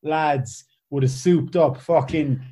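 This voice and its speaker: A man's voice: on the high side, measured pace, slightly rough. An Irish man joking and telling stories in a casual chat. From Ireland. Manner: animated and joking. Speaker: comedian guest.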